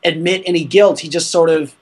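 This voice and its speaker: A man with a slightly high voice, chatting about a film in a loose, relaxed way. He retells scenes and drops wry asides as he goes. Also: a little fast, husky. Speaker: film discussion co-host. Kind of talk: casual film discussion.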